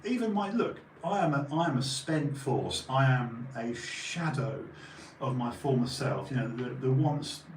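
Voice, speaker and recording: A man's voice: on the low side, far from the mic. A man in his late forties talks through an emphatic, rambling opinion piece in a casual monologue. He sits back from the microphone, so his voice carries a roomy echo. A faint background hum runs underneath. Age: 40s. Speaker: channel host.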